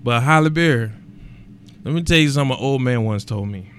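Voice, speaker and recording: Man hosting a podcast, casual and emphatic, goes big and loud when making a point. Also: medium pitch, a little fast, slight background noise. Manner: animated and emphatic, rising to loud exclamations; colloquial, repeats words for emphasis. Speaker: podcast host.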